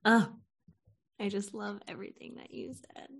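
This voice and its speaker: A woman's voice: medium pitch, flat delivery, moderate pace, gravelly, breathy edge. A woman hosting an interview, chatting casually and animatedly telling stories about her therapy clients, acting out their lines and laughing often. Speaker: podcast host and therapist.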